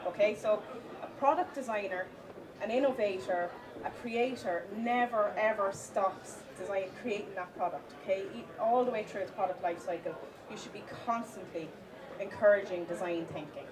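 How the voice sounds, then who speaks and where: A woman giving a live conference talk, with many fillers and restarts, stressing the points of a list slowly. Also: mid-range voice, crowd noise. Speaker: conference speaker. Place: conference hall with audience. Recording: distant mic, audience in hall.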